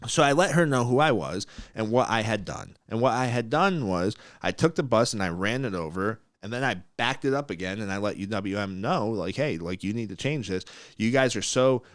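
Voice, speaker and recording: Animated blunt man telling a story. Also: lowish voice, brisk, hardly any pauses, dry recording, studio quality. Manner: animated, blunt, acts out quotes, laughs often. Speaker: podcast host. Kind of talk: casual storytelling.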